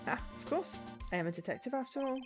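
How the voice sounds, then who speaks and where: A woman's voice: high-pitched, animated, fast talker, music in the background, pitched above the performer's own voice. A woman doing a blustering Scottish detective. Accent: put-on Scottish. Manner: blustering, calls people pal. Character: gruff good-natured male police detective. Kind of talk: reading game dialogue aloud on stream.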